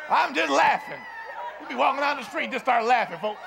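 A man preaching a sermon as pastor, shouting and laughing through repeated refrains before a congregation. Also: very high voice, animated, normal speed, vocal fry. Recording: live church recording with crowd and noise.

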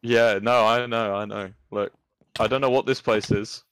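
A man's voice: on the low side, steady tone, moderate pace, a bit bright, smooth, no room sound. A man with a British accent chats while gaming and teases his friends in a dry, wry way. His voice is recorded close and dry, with no room sound. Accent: British English. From England. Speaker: streamer. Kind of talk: casual gaming chat.

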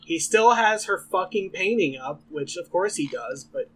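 A man's voice: high voice, expressive, normal speed, husky. A man co-hosting a podcast, recapping a TV episode in a wry, blunt casual chat with casual swearing. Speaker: podcast co-host.

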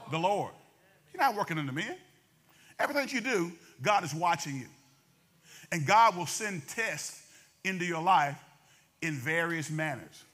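A man preaching a sermon as pastor, talking fast and calling out to the congregation. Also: high-pitched, animated, fairly bright tone.

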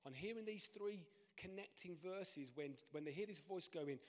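A male pastor preaching with animated delivery, his voice surging up and falling away again. His voice sits a bit high for a man. A long church-hall reverb trails each phrase. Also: normal speed. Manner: animated preaching with sharp rises and drops in pitch and loudness. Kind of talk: sermon.

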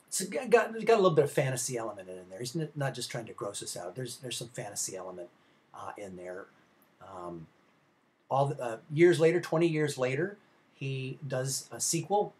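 A male film instructor giving a recorded slide lecture, chatty and rambling, with many filler sounds and restarts, speaking directly to his students. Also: medium pitch. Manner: conversational, addresses students directly.

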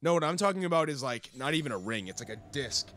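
A man's voice: mid-range voice, expressive, fast, a bit bright. Goofy swearing young guy gaming. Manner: goofy, profane, jokey. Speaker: co-host of a co-op let's play. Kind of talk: casual gaming banter.

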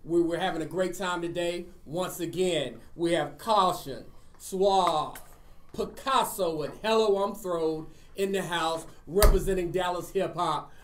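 A man co-hosting who excitedly hypes up the rappers in casual chat. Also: high-pitched, unhurried, a little hiss or hum. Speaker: co-host. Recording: echoey room with a crowd.

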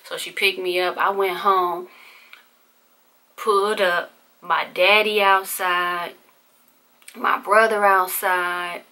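A woman's voice: fairly low pitch, level tone, slow pace, pauses often, sharp tone. A woman vlogger telling a candid personal story in casual, profane, conversational speech.

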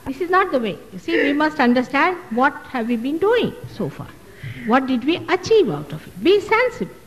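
A woman's voice: high-pitched, very animated, normal speed, big-room sound, rough recording. A woman, a spiritual teacher answering audience questions at a public talk, emphatic and full of rhetorical questions. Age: 60s. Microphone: loudspeaker microphone.

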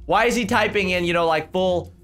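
A woman's voice: fairly low pitch, a little fast, fairly bright tone. A young woman giving playful, giggly gameplay commentary, chatting to viewers and reading chat aloud. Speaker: gaming YouTuber. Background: background music.

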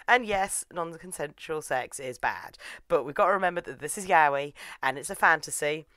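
A young woman giving a chatty, wry review that is casual and animated. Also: sits low, moderate pace, no room sound. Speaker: anime reviewer.

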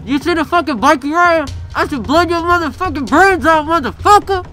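Dude doing a hothead hood guy, high bright voice, cussing everybody out. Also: animated, brisk, faint music behind, heavily acted. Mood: angry. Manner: cursing, threatening, loud. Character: hot-tempered young male street tough.

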